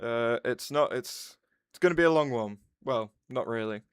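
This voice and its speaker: Smooth-voiced man chatting on stream. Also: mid-range voice, moderate pace, no echo. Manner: rambling, restarts sentences, answers chat aloud. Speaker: livestreamer. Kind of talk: casual livestream chat.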